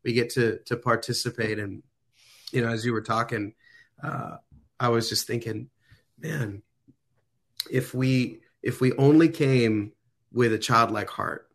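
A man's voice: medium pitch, fairly even intonation, measured pace, creaky, pauses often, fairly bright tone. Earnest man, a worship leader guest. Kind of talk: faith podcast conversation.

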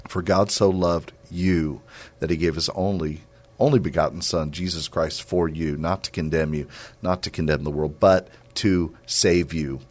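Casting: middle-aged man, very low voice, earnest Christian host exhorting listeners. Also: steady tone, normal speed, a little mellow. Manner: earnest, affirming, preacher-like urging. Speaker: radio and podcast host, ministry leader. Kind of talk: Christian encouragement talk with a closing exhortation.

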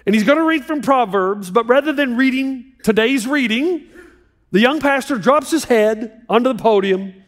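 A man preaching a sermon as pastor, animated and joking with a live audience in a large hall. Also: extremely high pitch. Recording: long hall reverb.

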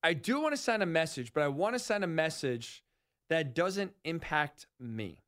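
A man hosting a sports talk radio show, rambling and animated, often correcting himself mid-sentence. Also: a little high, normal speed.

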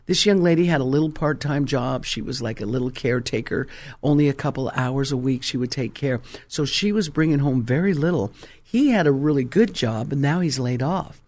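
A middle-aged male pastor preaching a sermon, telling a story with dramatic swings between hushed and loud delivery. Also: a little high.

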